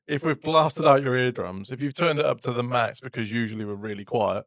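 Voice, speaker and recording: A man co-hosting a casual podcast from a home setup. He makes dry, wry quips at a medium pitch. The sound is dead dry, with no room echo. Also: fairly quick, a bit bright. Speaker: podcast co-host. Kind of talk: casual chat.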